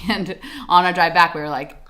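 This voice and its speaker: A woman's voice: fairly low pitch, steady tone, moderate pace, fairly bright tone. A woman who is a podcast guest, telling a story cheerfully and laughing often. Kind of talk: candid conversation.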